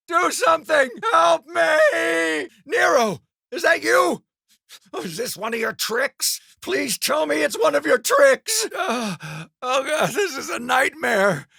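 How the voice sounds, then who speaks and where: An actor playing panicked men in a video game, screaming and begging for help. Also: male voice, extremely high pitch, vocal fry, sharp tone, no echo, full character voice. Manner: screaming, pleading. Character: terrified men being sacrificed in a game.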